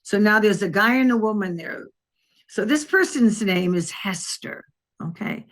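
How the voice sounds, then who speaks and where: A woman's voice: medium pitch, a little slow. An older woman from Wisconsin, a former detective, telling a long story in a rambling, conversational way with frequent restarts. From Wisconsin, USA. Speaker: interview guest, former police detective. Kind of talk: anecdotal storytelling in an interview.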